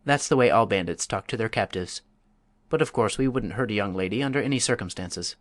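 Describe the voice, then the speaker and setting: A swaggering storybook bandit booms his lines in a raised, blustering voice, as a male reader acts him out. The sound is dry and near. He talks big and theatrical. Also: lively intonation, brisk, no echo, natural voice. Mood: gentle. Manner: loud and blustering. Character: fierce, boastful bandit man.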